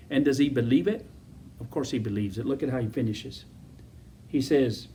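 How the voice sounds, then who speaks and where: A man's voice: mid-range voice, moderate pace, long pauses, mellow, distant mic, slight background noise. A man preaching a sermon as pastor, emphatic and repetitive, full of rhetorical questions.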